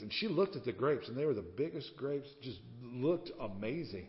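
A man preaching a sermon as a pastor, telling a story and acting out the voices in it with lively swings in loudness. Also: mid-range voice, brisk, hardly any pauses. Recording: dull sound with long reverb.

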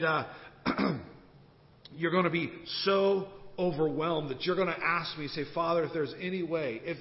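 A man's voice: high-pitched, lightly acted. A male pastor voicing God the Father as a solemn, tender father speaking to his son. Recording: dull sound with long church hall reverb and faint noise.

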